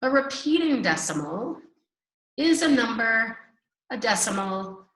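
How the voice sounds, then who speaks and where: A woman teaching a recorded math lesson, slow and reassuring, drawing out repetitions and walking students through the steps. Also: on the high side, very animated, fairly bright tone, echoey room, low-quality recording.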